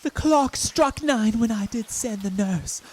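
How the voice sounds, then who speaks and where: A woman's voice: a little high, animated, measured pace, a little mellow, husky. A young woman playing an impatient girl in love. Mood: longing. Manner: eager, impatient, pleading, half-sung. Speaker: actor in a stage play. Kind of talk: rhythmic verse over a beat. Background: hip hop music.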